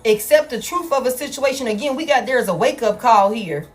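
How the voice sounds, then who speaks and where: A woman's voice: on the high side, expressive, fairly quick. A woman doing a tarot reading for her viewers in casual, blunt, profane talk, calling them y'all. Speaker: tarot reader. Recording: soft music in the background.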